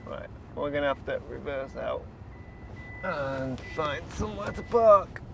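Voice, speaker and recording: A man talking casually to camera on a photography road trip, chatty and quick to laugh. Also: on the high side, expressive, vocal fry, background noise. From England. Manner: chatty, laughs often, drops to a hushed voice indoors. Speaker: photography vlogger. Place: camper van and city streets.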